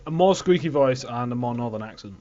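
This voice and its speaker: A man's voice: medium pitch, animated, quick pace, warm tone, muffled recording. A man being interviewed as a guest on a casual livestream, easygoing and laughing along. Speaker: guest, YouTuber.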